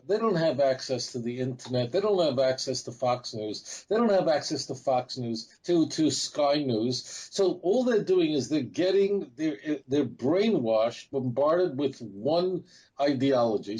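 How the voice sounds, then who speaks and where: Husky guy a bit high-pitched, hammering his points over and over, faint music under him. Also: sing-song, unhurried, darkish tone, poor audio. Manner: emphatic, repetitive, defiant. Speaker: rabbi, interview guest. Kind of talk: heated interview talk.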